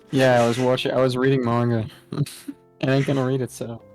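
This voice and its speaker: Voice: medium pitch, flat delivery, a little fast, a little mellow, faint music behind. Laughing player in casual banter. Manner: laughing, swearing, playful banter. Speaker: game player. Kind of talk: casual gaming chat.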